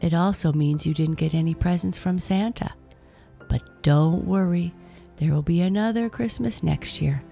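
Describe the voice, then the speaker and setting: A woman's voice: lowish voice, moderate pace, vocal fry, dark tone, soft background music. A woman voicing a stern middle-aged father with a plain, lecturing manner in a storybook reading. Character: stern middle-aged dad, told-you-so.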